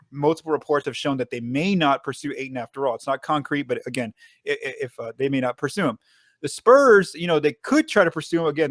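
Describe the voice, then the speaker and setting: A man hosts a casual sports podcast, rattling along at a quick clip. He stumbles and restarts often and leans on fillers. His voice sits dry and close, with no room sound. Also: mid-range voice, dry recording. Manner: fast, filler-heavy, frequent restarts. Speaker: podcast host.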